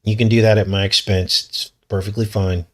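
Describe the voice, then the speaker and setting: A man's voice: lowish voice, level tone, a little fast. A man hosting a news commentary vlog, reading articles aloud and breaking in with suspicious, skeptical remarks. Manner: suspicious, conspiratorial tone. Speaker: channel host.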